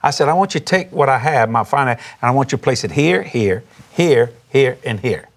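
A man, a pastor telling a testimony story with animated, laughing preacher emphasis. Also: medium pitch, brisk. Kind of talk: storytelling testimony on a talk show.

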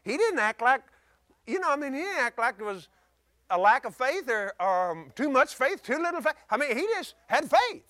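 A male preacher giving a folksy sermon, chuckling often and rising into shouts. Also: extremely high pitch, very animated, normal speed, no echo.

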